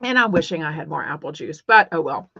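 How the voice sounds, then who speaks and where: A woman's voice: low voice, lively intonation, a little fast, vocal fry, bright, forceful tone, breathy edge, no echo. A middle-aged woman from Texas with a Texan accent, hosting a rambling, casual livestream podcast with lots of fillers. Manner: chatty and rambling, many fillers and restarts. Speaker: podcast host. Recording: dull lo-fi dry sound.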